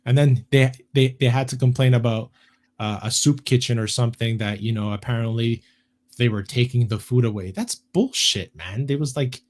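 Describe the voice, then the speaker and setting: A man's voice: mid-range voice, normal speed. A man co-hosting a podcast, chatting casually with frequent fillers and restarts. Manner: relaxed, hesitant with many fillers. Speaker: podcast co-host. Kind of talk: casual chat.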